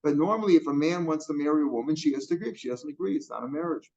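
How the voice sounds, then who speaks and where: Male Talmud teacher, fairly high voice, explains with repetition, muffled lo-fi sound. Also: very fast, creaky, a little mellow. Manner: explains by repeating and rephrasing, Hebrew and Aramaic terms. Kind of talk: line-by-line Talmud lesson. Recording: dull lo-fi recording.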